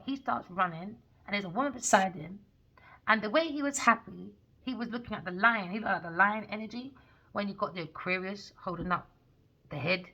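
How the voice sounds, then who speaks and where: A woman giving a rambling tarot reading, telling a story in an excitable, profane way. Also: mid-range voice, poor audio. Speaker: tarot reader.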